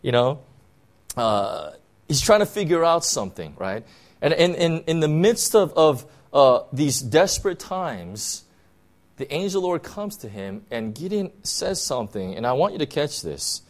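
A man delivers a sermon to his congregation in a loose, conversational preaching style. His slightly high voice swings widely up and down. He keeps checking in with his listeners, and he leans on "you know" and "right?" as he goes. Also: big pitch swings, a little slow. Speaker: pastor.

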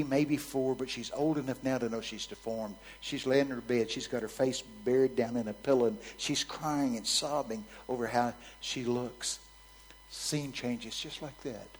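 A male preacher delivering a sermon at an ordinary, mid-range pitch, speaking frankly and conversationally as he tells a vivid story. His volume swings from hushed, almost whispered lines to loud, emphatic bursts. A faint hum sits under the recording. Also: low-quality recording.

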